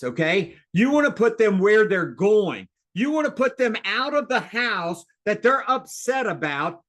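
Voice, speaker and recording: A man coaching real estate agents in a webinar, talking in an excited, fired-up way with big rises and drops in his voice. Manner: excited, fired-up delivery with big swings in pitch and loudness.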